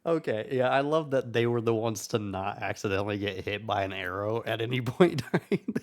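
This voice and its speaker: A man's voice: on the low side, lively intonation, a little fast. A man playing a tabletop game who jokes, teases and laughs often. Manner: playful, teasing, laughs often. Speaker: player.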